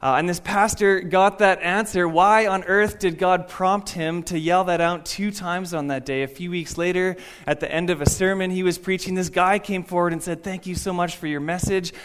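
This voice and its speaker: Young male youth pastor, high voice, casual storytelling sermon to a church congregation. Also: moderate pace, hardly any pauses, smooth. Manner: conversational storytelling preacher, animated quotes. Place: church sanctuary.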